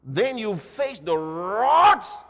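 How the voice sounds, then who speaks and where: Man, pastor, sermon, very high lively voice, echoey hall. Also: drawn-out words. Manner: dramatic, swinging from hushed to shouted.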